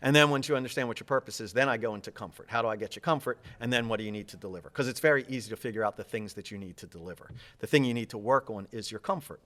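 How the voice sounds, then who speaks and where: A man giving interview answers as a public speaking coach, energetic and fast-talking, gesturing as he speaks. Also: mid-range voice.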